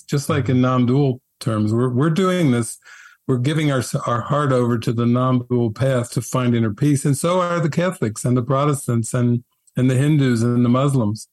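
A middle-aged man, a spiritual teacher being interviewed, telling his story in a gentle, articulate way. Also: medium pitch, dry recording.

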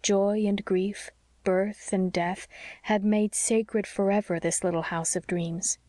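A woman narrates a classic novel in a measured, gentle voice. Her pitch sits in the middle range. The recording is dry and close. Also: flat delivery, no room sound. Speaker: audiobook narrator. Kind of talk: scripted narration.

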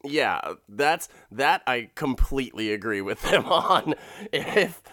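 A man's voice: medium pitch, expressive, slow pace, fairly bright tone, no echo, clean studio sound. A man casually recapping a TV episode, swearing freely and laughing often. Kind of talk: casual profane commentary.

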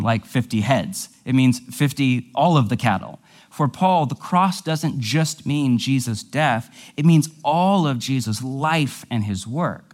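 A man delivering a teaching sermon, walking through ideas step by step. He speaks at a mid pitch and keeps it conversational, dropping in casual asides as he explains. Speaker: pastor.

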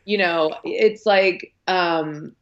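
A woman's voice: fairly low pitch, extremely slow, lo-fi sound. A woman guest on a podcast, talking about a film in a chatty way, full of fillers and acted-out quotes. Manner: chatty, lots of likes and ums, acts out quotes. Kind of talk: casual film discussion.

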